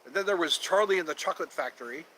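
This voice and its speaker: A man's voice: on the high side, animated, very fast, pushed and bright, low-quality recording. A man hosting a casual livestream, chatting with viewers in a playful, jokey, teasing way. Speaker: livestream host.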